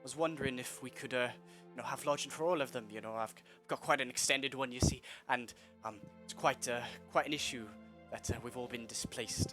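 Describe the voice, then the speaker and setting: A man's voice: mid-range voice, fairly quick, pushed and bright, soft background music, lightly acted. A man voicing a small, timid halfling man who stammers and speaks with an exaggerated Southern American drawl. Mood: polite. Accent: Southern US put-on. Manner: stammering, overly polite.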